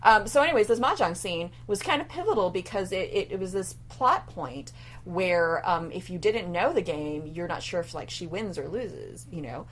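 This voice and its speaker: A woman's voice: on the low side, animated, normal speed. Chatty woman podcast co-host. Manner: chatty, many fillers, trails off softly at ends of thoughts. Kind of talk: casual chat.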